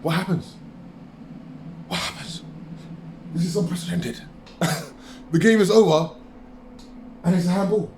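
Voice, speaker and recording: A man's voice: high voice, moderate pace, long pauses, a little mellow, reverberant, a little hiss or hum. A man ranting through a live football match reaction, agitated and repeating himself. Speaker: football fan vlogger.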